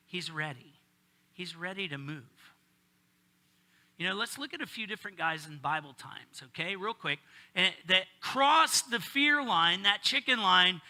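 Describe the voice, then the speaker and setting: A man's voice: high voice, bright, forceful tone. A middle-aged male pastor preaching a casual sermon, joking and bantering with his congregation.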